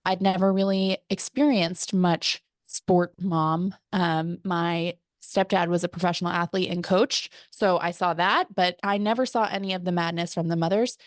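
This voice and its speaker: A woman's voice: lowish voice, creaky, dry recording, clean studio sound. A woman in her thirties hosting a podcast, chatting casually with dramatic, theatrical flair. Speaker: podcast host. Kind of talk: casual comedic chat.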